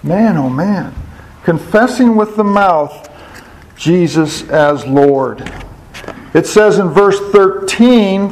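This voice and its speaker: A man's voice: high-pitched, animated, slow, darkish tone, poor audio. A man giving a sermon as a Bible teacher, asking his listeners questions, answering them himself and repeating key words for emphasis.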